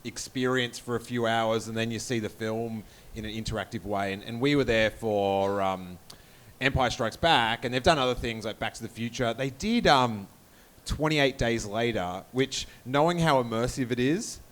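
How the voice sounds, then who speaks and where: A man's voice: medium pitch, moderate pace. Joking man hosting a live panel. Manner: anecdotal, joking, animated. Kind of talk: live comedy panel talk. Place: live stage before an audience.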